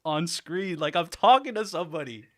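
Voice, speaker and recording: Excitable man hosting a livestream. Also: on the high side, moderate pace. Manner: excited, rambling, laughs often. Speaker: livestream host. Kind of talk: casual livestream chat.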